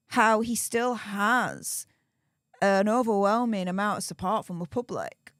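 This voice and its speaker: Speaking at a medium pitch, this tired woman from the UK sounds animated and smooth, going a little slowly as she reads a book on her live stream. She's chatty and sarcastic, clearly drained after streaming for hours, in a casual commentary style. The sound is clean studio audio with no room sound.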